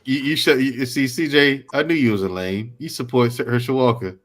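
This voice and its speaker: A man on a casual livestream panel, teasing the others loudly and repeating his lines. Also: medium pitch, steady tone, a little fast. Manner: loud teasing, repeats phrases.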